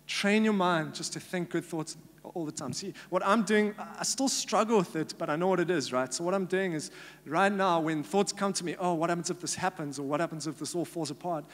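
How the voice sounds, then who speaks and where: South African man preaching in a hall. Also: high-pitched. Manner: earnest, conversational preaching with fillers. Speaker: pastor. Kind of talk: sermon. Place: church hall. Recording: live church hall with long reverb and faint hum.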